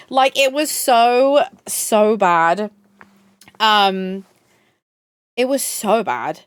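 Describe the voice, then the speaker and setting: A woman's voice: fairly high pitch, no room sound. Chatty woman streamer, dry close sound. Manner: gushing, chatty, swears, reads chat aloud. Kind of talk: casual live-stream chat.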